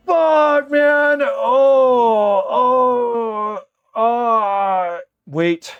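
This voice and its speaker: A man chats casually to his viewers while streaming a card game. His voice sits high, and he draws his words out slowly. He swears, groans and breaks into excited shouts. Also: clean tone, faint music behind.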